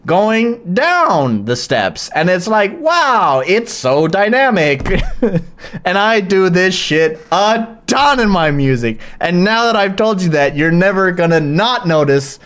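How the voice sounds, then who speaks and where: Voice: mid-range voice, big pitch swings, slow, fairly bright tone. A live streamer in casual chat, swearing often and rambling with restarts and fillers.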